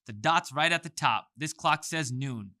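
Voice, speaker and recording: A man's voice: a little high, measured pace. A man teaching the Arabic alphabet in a playful lesson, drawing out sounds with lots of energy. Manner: animated, playful, exaggerated sounds.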